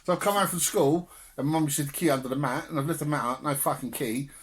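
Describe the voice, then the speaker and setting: Podcast co-host, young man, raised pitch, chatty storyteller who laughs and swears a lot. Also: quick pace. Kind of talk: casual storytelling chat.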